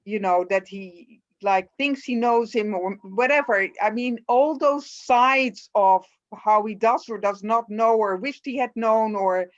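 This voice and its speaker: A woman audience member on a video call, asking an author questions eagerly and haltingly. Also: fairly high pitch. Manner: enthusiastic, halting, with many restarts. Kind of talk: conversational Q&A. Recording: dull, muffled video-call audio.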